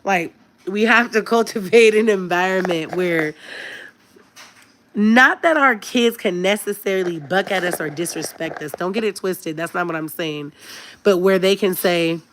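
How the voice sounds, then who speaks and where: A woman's voice: fairly low pitch, measured pace, a bit bright, slight background noise. A woman in her thirties hosting a casual live stream, talking candidly and earnestly about parenting.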